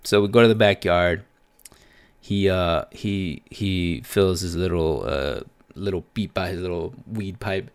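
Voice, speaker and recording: A man with a deep, low voice spins a loose, slangy story, swearing freely and dropping in Spanish words. He sounds relaxed, taking sips of beer between lines. The sound is close and dry, with no room around it. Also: a little slow, clean tone, no echo. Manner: laid-back and profane, slangy, mixes in Spanish words; sips a beer while talking. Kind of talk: casual storytelling monologue.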